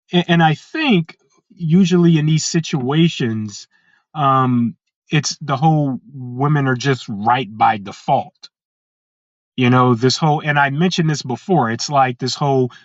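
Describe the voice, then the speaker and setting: A man's voice: medium pitch, a little slow, no echo. Guy from cali on a podcast, lots of uh's, dry muffled audio. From California, USA. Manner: frequent "uh" fillers and restarts, acts out quoted people. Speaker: podcast guest. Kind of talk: casual storytelling.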